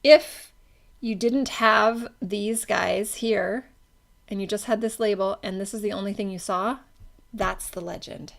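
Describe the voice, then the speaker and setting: Woman lecturing, gravelly voice. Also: mid-range voice, steady tone, a little slow. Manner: casual, conversational, self-correcting. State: has the hiccups. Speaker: pharmacology instructor. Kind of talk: classroom lecture.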